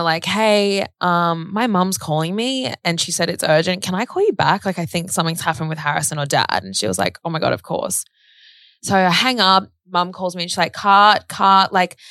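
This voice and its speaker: Australian woman, lowish voice, dry close mic, chatty personal storyteller. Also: a bit bright, dry recording. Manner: chatty, fillers of "like", acts out quoted speech.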